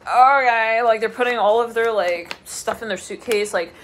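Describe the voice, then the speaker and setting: A woman's voice: medium pitch, moderate pace, a little hiss or hum. A woman giving a casual tarot reading, chatty and rambling, laughing often and filling her talk with loose asides. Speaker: tarot reader.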